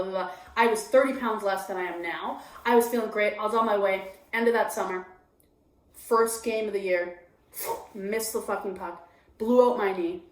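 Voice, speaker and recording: A woman stand-up comedian talking candidly in an interview, acting out her own inner voice as she goes. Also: medium pitch. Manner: confessional, animated, acts out her own inner voice. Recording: echoey room.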